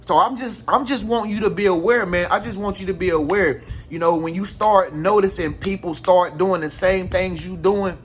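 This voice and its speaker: A man's voice: high voice, moderate pace, hardly any pauses, slight background noise. A man giving casual spiritual advice to his viewers in a slangy, emphatic way, full of rhetorical questions. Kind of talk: casual motivational talk to viewers.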